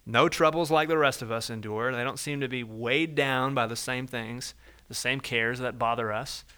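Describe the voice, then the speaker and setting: A man preaching a sermon with a bright, forceful voice. He talks to the congregation conversationally and acts out everyday moments in lively put-on voices. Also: mid-range voice, normal speed, clean tone. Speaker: pastor.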